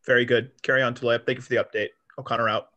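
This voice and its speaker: A man playing a ship captain in a tabletop game, calm and commanding with some fillers. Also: mid-range voice, rapid-fire, lo-fi sound. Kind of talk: tabletop role-play.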